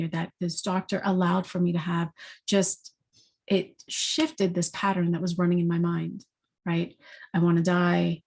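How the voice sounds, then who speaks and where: A woman sharing a personal story, halting and earnest, with frequent restarts and repeated words. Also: on the low side, darkish tone. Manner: earnest and heartfelt.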